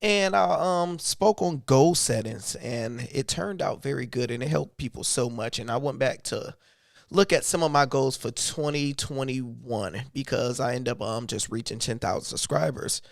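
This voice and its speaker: A man from Michigan hosting a casual livestream, his voice a little hoarse, talking loosely and reading from his notes. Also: mid-range voice, normal speed, no echo, clean studio sound. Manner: loose and conversational, reads aloud from notes. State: slightly hoarse voice. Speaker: YouTube livestream host.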